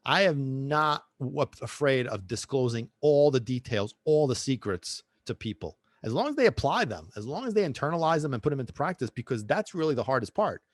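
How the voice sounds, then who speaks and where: A man's voice: medium pitch, sing-song, a little fast, few pauses, no room sound. A man hosting a podcast, talking about his work with passion, repeating himself and preaching a little, and dropping in Italian phrases. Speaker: podcast host and dog trainer. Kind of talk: casual podcast monologue.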